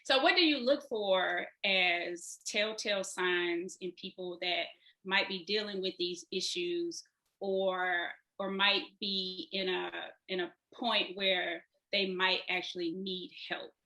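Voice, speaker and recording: A woman's voice: on the low side, steady tone, slow, bright, forceful tone. A woman co-hosting an interview who hunts for her words as she asks a question. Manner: searching for words while asking. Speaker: interview co-host.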